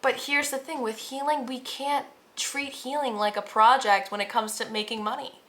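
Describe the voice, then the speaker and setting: Bright-voiced woman giving an earnest tarot reading. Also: sits high, fairly even intonation, moderate pace. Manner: casual, earnest, slangy and emphatic. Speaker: tarot reader. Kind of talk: pick-a-pile tarot reading to viewers.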